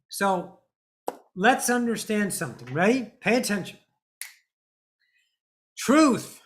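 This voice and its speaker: A medium-pitched woman delivers a blunt, preachy spiritual monologue laced with swearing, like a teacher speaking to her followers. She's emphatic, slowing down and drawing out stresses on key words to drive her points home.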